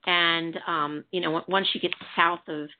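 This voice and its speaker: A woman's voice: fairly low pitch, fairly even intonation, moderate pace. A woman from the Chicago area chatting casually as a TV review panelist, rambling with frequent restarts. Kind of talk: casual chat. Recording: tinny phone-like line.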